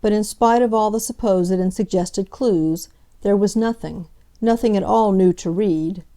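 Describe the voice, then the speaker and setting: Reading a classic novel aloud for an audiobook, this woman uses a warm, medium-pitched voice. She tells the story in a measured, dramatic manner.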